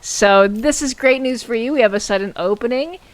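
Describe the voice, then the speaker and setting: A woman streaming a game, chatting casually and playfully, mocking herself and exclaiming loudly when startled. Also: on the high side, moderate pace, no echo. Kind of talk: casual gameplay commentary.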